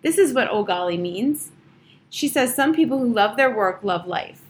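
A woman's voice: a little high, lively intonation, normal speed, slight background noise, natural voice. Woman reading as a blunt nosy kid girl, matter-of-fact, audiobook voice. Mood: frank. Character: blunt, curious young girl spy.

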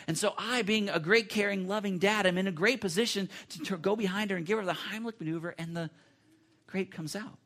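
Male pastor, slightly high-pitched, earnest conversational sermon delivery, repeats himself. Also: fast, fairly bright tone. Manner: earnest, conversational preaching with repetitions and restarts.

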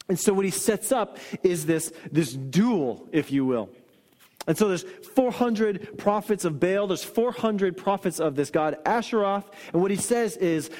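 A man preaching a sermon as a pastor, telling stories and dropping to soft, earnest emphasis on key lines. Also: high-pitched, expressive, unhurried, big-room sound. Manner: storytelling, shifts into quoted voices and soft emphatic lines.

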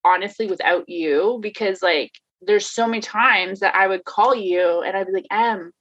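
A woman's voice: medium pitch, normal speed, a bit bright. A woman talking candidly in a casual conversation, laughing often, swearing and restarting her sentences. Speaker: guest, life coach. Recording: dull lo-fi sound.

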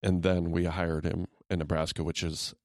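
A man's voice: low-pitched, level tone, normal speed, a little mellow, no room sound, studio quality. A middle-aged man co-hosting a podcast in easygoing, rambling casual chat, laughing often. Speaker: podcast co-host.

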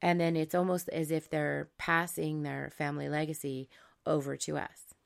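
A woman's voice: low-pitched, level tone, moderate pace, gravelly. A woman co-hosting a casual wine podcast, musing aloud and searching for words. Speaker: podcast co-host.

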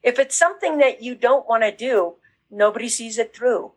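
A woman business coach talking casually in an interview, acting out excited reactions as she explains. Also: fairly high pitch, normal speed, husky, poor audio. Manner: animated, acts out quoted reactions.

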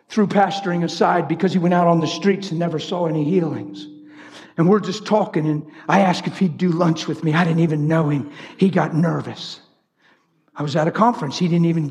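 A man preaching a sermon in an animated way, swinging from high shouts down to low storytelling. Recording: long hall reverb.

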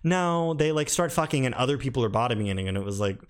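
A man's voice: mid-range voice, expressive, fast talker, clear, resonant tone. A man giving a casual spoken film review, frank and rambling, with lots of restarts and a candidly critical, mildly exasperated tone.

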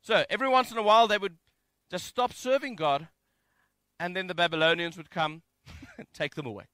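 Bright, high-voiced man preaching. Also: fairly quick, no echo. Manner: conversational, jokey and animated. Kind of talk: sermon. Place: home, during isolation.

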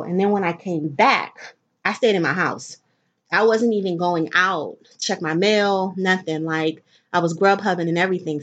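Tired, profane woman podcast host. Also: lowish voice. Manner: profane, rambling, animated storytelling. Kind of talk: casual solo podcast chat.

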